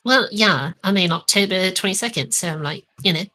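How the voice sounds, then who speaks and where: Woman, stream guest, playful, teasing, bright tone. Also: on the low side, expressive, brisk. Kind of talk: casual chat.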